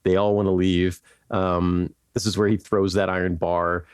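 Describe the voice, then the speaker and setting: A man's voice: sits low, level tone, normal speed, clear, resonant tone, no room sound, clean studio sound. A man hosting a podcast, telling history in a loose, rambling way, laughing often and tossing in "like" and "right?". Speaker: podcast host. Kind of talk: casual history storytelling.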